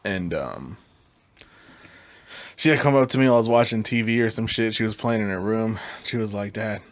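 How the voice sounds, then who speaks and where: Lower-voiced man, animated storyteller. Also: no room sound. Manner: animated storyteller, profane, quick to joke. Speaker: podcast co-host. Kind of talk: casual chat.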